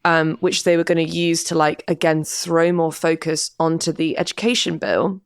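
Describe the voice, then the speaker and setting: A woman's voice: low voice, fairly even intonation, normal speed, dry recording, studio quality. A woman co-hosting a podcast, chatting casually as she recaps a TV episode, rambling with lots of fillers and acting out the characters' lines. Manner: rambling, many "like" and "um" fillers, acts out quotes. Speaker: podcast co-host.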